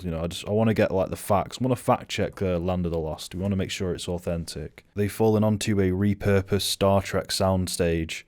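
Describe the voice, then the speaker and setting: A man's voice: low voice, a little mellow. A young man giving sweary, offhand, sardonic commentary while reviewing a film. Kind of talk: casual reaction commentary.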